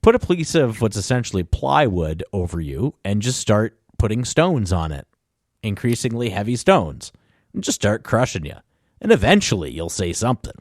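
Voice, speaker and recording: A man hosts a casual podcast, rambling along, often chuckling and correcting himself mid-sentence. His voice sits low but swings widely in pitch. The sound is dry and close to the mic. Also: very animated, normal speed, no room sound. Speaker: podcast host. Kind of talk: casual chat.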